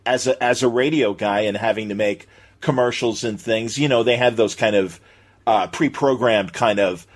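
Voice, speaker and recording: A man's voice: fairly low pitch, normal speed. A man who hosts a casual interview and works in radio, prompting his guest with short encouraging replies. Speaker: podcast host, radio broadcaster.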